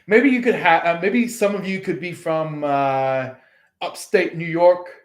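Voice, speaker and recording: A man's voice: fairly high pitch, a little slow. A man giving a casual tarot reading in a rambling way, with many fillers, and acting out quotes in an echoey room. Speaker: tarot reader.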